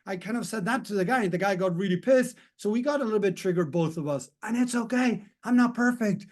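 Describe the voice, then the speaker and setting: A man's voice: high voice, fairly quick, darkish tone. A man coaching viewers in a casual, rambling self-help talk, often checking in with "right?" and "you know". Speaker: mindset coach.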